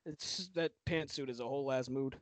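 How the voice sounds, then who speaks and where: A man's voice: medium pitch, moderate pace, no room sound. A man guest on a podcast, chatting casually while watching TV, laughing often and making wry jokes.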